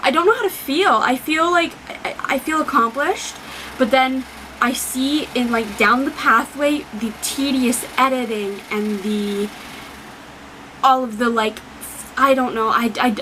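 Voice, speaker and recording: A young female book vlogger talks casually and emotionally, near tears, rambling with many fillers and swearing freely. Her voice is fairly high, bright, and forceful, captured in a rough recording with slight background noise.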